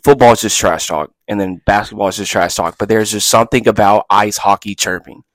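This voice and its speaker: A man's voice: on the low side, brisk, no echo. Slangy male podcast co-host, dry sound. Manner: slangy, says "bro" and "dude" a lot. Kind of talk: casual chat.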